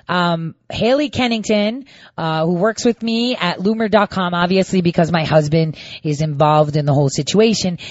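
A woman's voice: medium pitch, no echo, dull audio. A woman hosting her own online show, giving combative political commentary and mocking her opponents while speaking straight to her viewers. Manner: mocking, indignant, addresses viewers directly.

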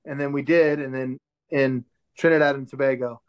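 With a medium-pitched voice at moderate pace, a man in his forties, normally a show host, tells a story as a podcast guest in casual conversation. He brings the quotes to life by acting out everyone's voices, and the recording sounds dull and lo-fi.

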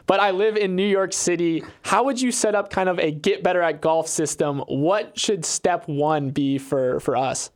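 A man with a fairly high voice, co-hosting a podcast interview. He asks his questions playfully and jokes along the way. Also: moderate pace, few pauses. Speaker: podcast co-host.

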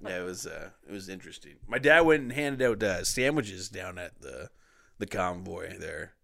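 A man's voice: low voice, normal speed, vocal fry. A man chatting casually, telling stories with lots of swearing, acting out quotes and laughing often. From Canada. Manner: animated storyteller, acts out quotes in varied voices, laughs often, swears a lot. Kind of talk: casual chat.

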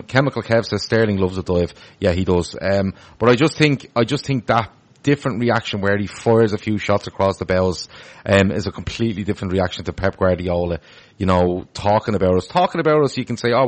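A man's voice: lowish voice, fairly quick. A man hosting a casual football podcast, chatty and full of restarts as he reads out viewer comments. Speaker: podcast host.

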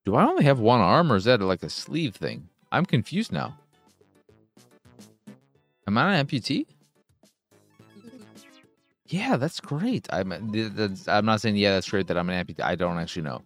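A man giving casual, profane let's play commentary, excitable and thinking out loud as he plays. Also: fairly low pitch, brisk, few pauses, soft background music. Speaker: gaming streamer.

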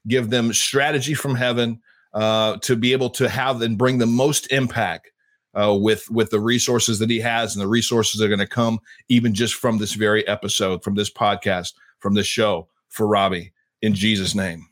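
A man's voice: on the low side, steady tone, moderate pace, a bit bright. A male podcast host speaking with emphatic fervor, often doubling his words as he goes. He chats casually with his guest and slips easily into praying aloud. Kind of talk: casual Christian podcast chat and prayer.

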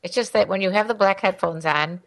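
A woman's voice: medium pitch, fairly quick. A middle-aged woman co-hosting a casual podcast as a sex expert, chatty and teasing.

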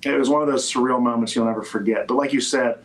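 Male athlete, mid-pitch, halting and reflective in an interview. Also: steady tone, rough recording. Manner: halting, many restarts and fillers. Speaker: football player. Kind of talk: interview conversation.

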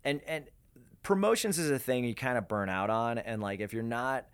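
A radio host and program director from Denver, USA, tells his career story in a rambling, casual way, full of fillers and laughs. He speaks at a moderate pace with a medium pitch and a clean tone.

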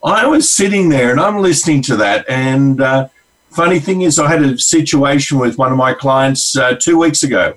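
A man with an Australian accent, a regular counselor on a radio show, tells rambling stories on air in a casual way, acting out the quotes. His voice is medium-pitched at normal speed, recorded on a distant mic with poor audio.

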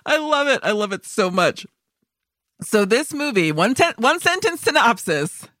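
A woman's voice: on the high side, sing-song, unhurried, fairly bright tone, no echo. Chatty woman in a dry booth. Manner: chatty, laughs often, acts out quotes. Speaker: podcast co-host. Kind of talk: casual film discussion.

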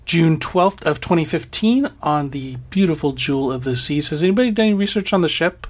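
A man's voice: on the high side, animated, a little fast. Upbeat man hosting a podcast. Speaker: podcast host. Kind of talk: casual podcast chat.

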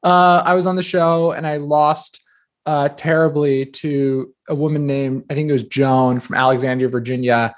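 Guest spot: man in his 30s from new jersey, fairly high voice, talkative and loose, lots of fillers. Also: steady tone. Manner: chatty, quick, filler-heavy with many "like"s. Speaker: guest author. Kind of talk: casual podcast interview.

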